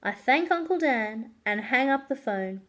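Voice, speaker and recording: Woman, children's story read-aloud, high voice, very lively, expressive. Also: a little slow. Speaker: librarian reading to children.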